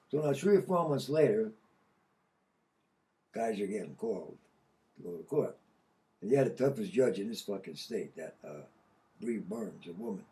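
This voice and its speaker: Profane older man, lively storyteller. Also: mid-range voice, recorded from a distance. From Connecticut, USA. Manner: profane, animated, laughs mid-sentence. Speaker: podcast guest. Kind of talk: casual storytelling.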